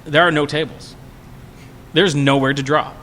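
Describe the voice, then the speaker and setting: Guy on a podcast telling a wild drinking story, bright voice, gets loud on the quotes, faint hiss behind. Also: on the high side, moderate pace. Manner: animated, acts out quotes in a raised voice. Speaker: podcast guest. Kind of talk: casual storytelling.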